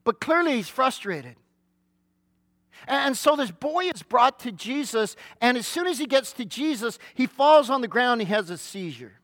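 A man preaching a sermon, telling a scripture story vividly with dramatic pauses and asking his listeners earnest rhetorical questions. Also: very high-pitched, big pitch swings, fairly bright tone, dry recording, studio quality. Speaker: pastor.

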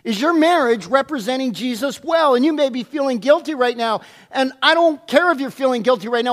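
A man's voice: very high-pitched, lively intonation, a little fast, few pauses, fairly bright tone. A man preaching a sermon as pastor, urging and emphatic with playful asides.

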